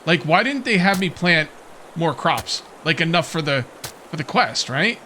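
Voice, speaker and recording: A man's voice: on the high side, expressive, unhurried, slight background noise. A man casually commenting while playing a survival game, rambling and questioning himself, with hiccups. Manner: musing, rambling, self-questioning with soft laughs. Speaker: gameplay let's player.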